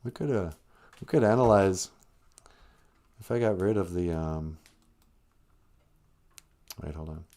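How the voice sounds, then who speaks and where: A man's voice: low voice, slow pace, long pauses, warm tone. A man hosting a live stream, retelling a film in a rambling, chatty way. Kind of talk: casual storytelling.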